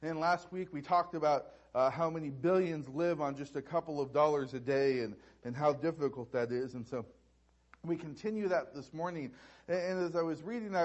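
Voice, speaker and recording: A man preaching a sermon as pastor, halting and restarting with repeated words. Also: fairly high pitch, muffled recording.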